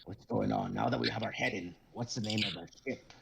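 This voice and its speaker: A man's voice: lowish voice, brisk, creaky, heavy background noise. A man voicing a flustered old male ship's hand who stammers in confusion, in a tabletop game. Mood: confused.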